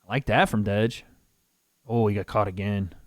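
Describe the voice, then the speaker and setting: A man's voice: on the low side, moderate pace, no room sound, studio quality. A man co-hosting a podcast, casually breaking down old fight footage and calling out punches with little sound effects.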